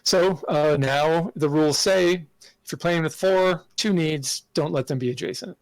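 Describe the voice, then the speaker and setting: A man speaks in a considered, halting manner, pausing often with fillers and restarting his sentences. His voice has a gravelly edge. The sound is dry and close, with almost no room around it. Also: fairly high pitch, no room sound. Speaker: game designer guest. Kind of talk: podcast interview answer.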